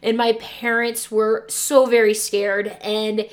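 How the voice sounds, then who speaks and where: A woman's voice: fairly high pitch, little pitch movement, takes it slowly. A woman teacher hosts her own podcast and speaks straight from the heart. She tells a personal story in a sincere, conversational way, letting her emotion show and filling gaps with a casual "like.". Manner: earnest, heartfelt, openly emotional; conversational with frequent "like" fillers.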